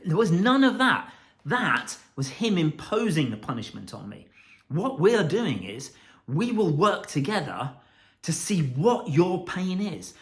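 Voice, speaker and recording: A man coaching about accountability in a blunt, intense, swearing monologue. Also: high voice. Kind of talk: profane motivational monologue.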